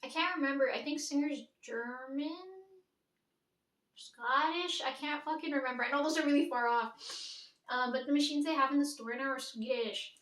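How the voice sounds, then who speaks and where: A woman's voice: high voice, normal speed, fairly bright tone. A young woman vlogging at home in a rambling, chatty way, with casual swearing and lots of "like". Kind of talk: casual daily vlog chat. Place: room at home. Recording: echoey room, mic at a distance.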